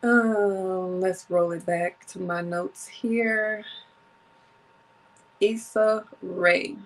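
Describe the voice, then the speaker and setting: Woman in her thirties, podcast host, casual monologue, slightly low voice, stuffy from allergies. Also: fairly even intonation, extremely slow, poor audio. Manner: chatty, reading from notes, self-correcting. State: runny nose from allergies.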